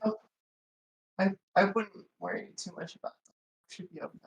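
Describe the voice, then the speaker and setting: A player chatting quickly and animatedly during a tabletop game. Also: medium pitch, steady tone, vocal fry, echoey room, low-quality recording. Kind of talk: casual tabletop play.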